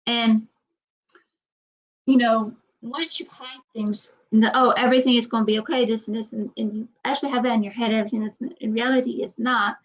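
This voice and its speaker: High-pitched woman with a bit of a southern accent, rambling and blunt, muffled lo-fi audio. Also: steady tone, normal speed. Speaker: vlogger. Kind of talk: casual chat.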